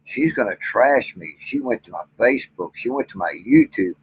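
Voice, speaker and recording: A man's voice: medium pitch, animated, normal speed, husky. A man, a vlogger and Bigfoot researcher, ranting bluntly and angrily to camera with plenty of profanity. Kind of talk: angry rant to camera. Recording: tinny phone-like audio.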